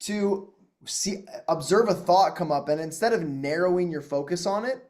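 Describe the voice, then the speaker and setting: A man coaching on a group call, calmly explaining how hypnosis and trance work. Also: high voice, normal speed.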